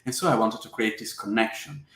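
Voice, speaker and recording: A man from the Mediterranean region, a guest in a casual interview, speaking earnestly in halting, non-native phrasing. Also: on the low side, fairly bright tone. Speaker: guest, tarot deck creator. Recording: echoey room.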